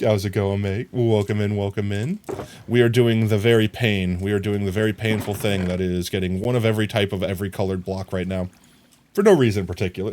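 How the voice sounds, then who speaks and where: Low-voiced man streaming, chatty and playful. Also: fairly quick, a little mellow, slight background noise. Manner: chatty, talks to chat, sings silly sound effects. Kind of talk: casual live game commentary.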